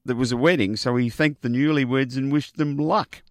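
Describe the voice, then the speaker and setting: A man's voice: mid-range voice, fairly even intonation, normal speed, dry recording, studio quality. A man, a co-host, telling news stories in a chatty, joking way. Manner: chatty storyteller, jokey asides. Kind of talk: casual chat.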